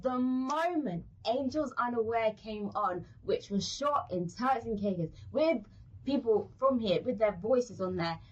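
A British woman chatting as an interview guest, her voice husky and a little breathy. She tells stories in an animated way, stopping and restarting as she goes. The audio is muffled and lo-fi. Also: a little high, a little slow. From England. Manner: animated storyteller, many restarts. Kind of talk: casual interview chat.

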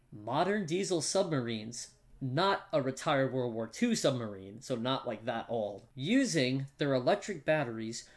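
A man in a loose podcast chat, reading trivia aloud and breaking into laughter between tangents. His voice sits a little high, and he circles back on his words with plenty of "like.". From United States. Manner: laughs often, talks in restarts with lots of "like". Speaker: podcast co-host reading movie facts. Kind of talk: casual chat.

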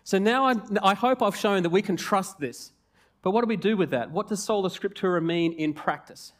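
Lively, joking male preacher. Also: high-pitched, moderate pace. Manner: animated, jokey and conversational. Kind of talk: sermon.

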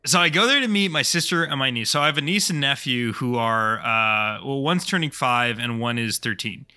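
A man's voice: mid-range voice, expressive, normal speed, pushed and bright, smooth. A man, telling a rambling story on a casual podcast, with lots of fillers. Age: 30s. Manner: rambling, loose, with frequent fillers. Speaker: podcast co-host.

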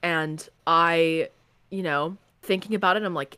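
A woman's voice: on the low side, unhurried, bright, forceful tone, clean tone, dry recording. A young woman co-hosting a casual book podcast, acting out her reactions dramatically. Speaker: podcast co-host.

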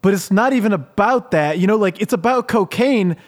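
A man's voice: sits high, lively intonation, fairly quick. A man playing a clueless young rapper guest on a comedy podcast, earnest and defensive as he rambles. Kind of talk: improvised comedy podcast, deadpan parody.

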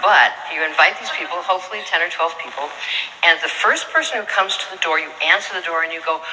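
Brief: animated woman speaker, sharp bright tone, slight background hiss, playfully acts out people she quotes. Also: low voice, quick pace, poor audio. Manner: animated, acting out quoted voices with laughter. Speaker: motivational speaker. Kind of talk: storytelling talk to a live audience.

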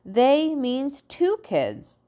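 A woman's voice: high-pitched, wildly swooping pitch, extremely slow, dark tone, voice pushed up, exaggerated voice. A woman voicing a curious young schoolboy who keeps asking puzzled questions in a storybook reading.

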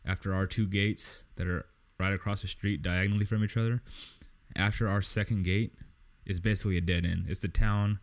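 A man's voice: sits low, a little fast. A man, hosting a podcast and telling a long story, full of swearing and acted-out dialogue. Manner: profane, animated storytelling with quoted dialogue. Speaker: podcast host. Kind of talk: casual storytelling monologue.

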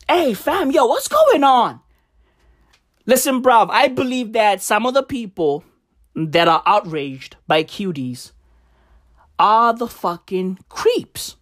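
A woman's voice: a little high, big pitch swings, slow pace. A woman delivering a satirical comedic rant, sarcastic and profane, who keeps tossing in "right?".

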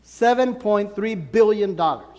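A man preaching a sermon in a notably high voice, pushing certain words loud and letting others drop to almost nothing. His delivery is emphatic and sweeping. The sound carries a long reverb, like a large church hall. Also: lively intonation, a little slow. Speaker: pastor.

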